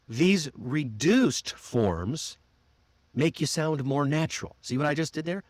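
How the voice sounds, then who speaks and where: A man with an American accent, coaching pronunciation in a livestreamed lesson and demonstrating words slowly and deliberately. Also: a little high, no room sound. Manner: slow, drawn-out demonstrations of words.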